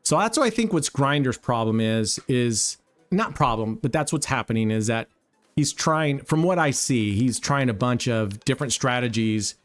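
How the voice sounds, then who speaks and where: A man hosting a live stream in a plain, mid-pitched voice, talking casually and cursing freely. He rambles, restarting sentences and filling pauses with ums. Faint music plays behind him. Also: lively intonation. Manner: blunt, heavily profane storytelling; rambling, with many fillers and restarts. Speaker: roulette livestream host.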